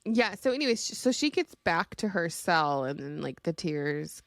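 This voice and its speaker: Lively-toned woman recapping a book. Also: on the low side, moderate pace, no echo, studio quality. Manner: animated retelling, quotes characters. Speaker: podcast co-host. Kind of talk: casual chat recapping a book.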